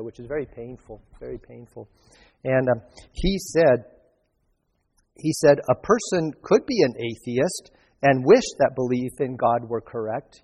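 A man's voice: medium pitch, darkish tone, highs cut off. A male pastor giving a sermon in a conversational, storytelling way, with frequent restarts. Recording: long reverb.

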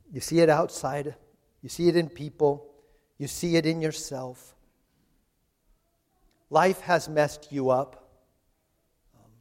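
A man's voice: fairly high pitch, a little mellow. A man preaching a sermon in a chatty, conversational way, retelling scripture in everyday voices. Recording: long hall reverb.

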